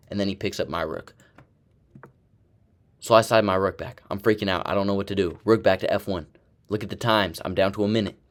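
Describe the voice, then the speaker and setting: A young man excitedly giving play-by-play commentary on his own chess game, talking to himself as he goes. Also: fairly low pitch. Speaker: chess streamer.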